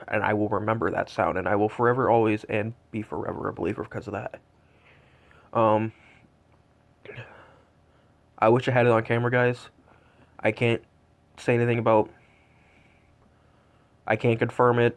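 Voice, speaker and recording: A man in his twenties, cold and shivering, rambling in awe with many fillers in a casual vlog. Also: fairly low pitch. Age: 20s. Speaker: vlogger tracking Santa. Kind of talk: casual excited vlog talk.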